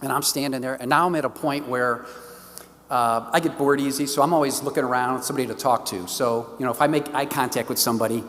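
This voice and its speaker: This middle-aged man, a diocesan stewardship director from St. Louis, Missouri, talks fast in a mid-range voice during a parish talk at church. He is an enthusiastic storyteller who acts out each exchange, and the church hall adds a long reverb.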